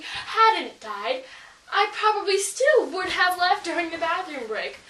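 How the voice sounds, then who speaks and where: A woman acting in a comedy skit, melodramatic and fake crying, talking down slowly to her friend. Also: extremely high pitch, big pitch swings, sharp tone, distant mic. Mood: condescending. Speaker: comedy sketch actor. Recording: echoey room, from off mic.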